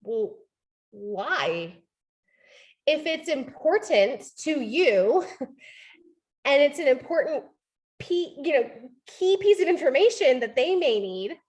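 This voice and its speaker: A woman's voice: high voice, darkish tone. A young adult woman running a live training talk, chatty, filling her speech with "like" and "right?", and acting out sample customer lines. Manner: frequent "like" and "right?" fillers. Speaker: sales team trainer.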